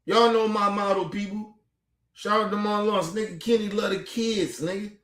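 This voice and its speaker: A man rants through exasperated, profane reaction commentary on his stream. His voice sits somewhat high for a man. The room around him rings with echo. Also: steady tone, moderate pace, a bit bright. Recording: echoey room.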